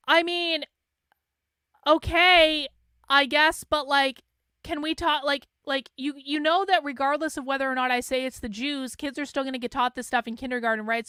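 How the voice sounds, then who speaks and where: A woman hosting a casual monologue, blunt and exasperated, swearing freely and mocking others in flat mimicking asides. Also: sits high, dry recording, studio quality. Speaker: online commentator host.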